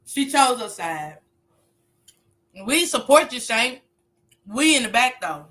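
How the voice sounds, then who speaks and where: Bright-voiced woman hosting a loose livestream. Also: a little high, sing-song, slow. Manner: loose, profane, joking, talks straight to her chat. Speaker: livestream host. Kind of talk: casual livestream chat.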